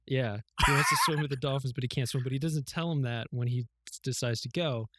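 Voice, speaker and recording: A man's voice: medium pitch, quick pace, very noisy. A man co-hosting a podcast in casual chat, rambling through a story with many fillers, cusswords and laughs. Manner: rambling plot retelling with fillers, swearing and laughs. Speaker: podcast co-host.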